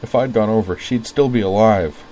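A man's voice: on the low side, moderate pace, mellow, a little hiss or hum, voice pushed up, lightly acted, rough recording. A man voicing a grieving teenage boy whose speech breaks with tears and sobs. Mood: anguished.

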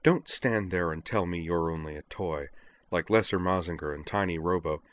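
A man voicing an angry young woman who scolds and confronts her friend, raising pitch for her lines. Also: moderate pace, fairly bright tone, no echo. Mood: scolding. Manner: heated, scolding.

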